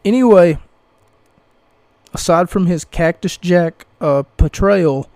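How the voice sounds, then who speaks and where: Guy rambling through a wrestling recap, slow and mellow, kinda high voice, dry close sound. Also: no room sound. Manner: rambling, with restarts and asides. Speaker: podcast host.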